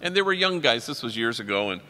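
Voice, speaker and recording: A middle-aged man, a priest, telling wry stories in a religious talk and slowing down for his punchlines. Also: medium pitch, sing-song, pushed and bright. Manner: wry, anecdotal, slows down for punchlines. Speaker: priest giving a keynote talk. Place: large convention hall. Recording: long reverb of a large hall.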